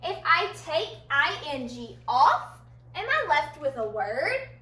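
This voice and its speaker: High bright lady teaching kids phonics, slow and sing-songy, kinda echoey room. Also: big pitch swings. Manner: slow, patient, sing-song teacher talk to young learners. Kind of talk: children's phonics lesson.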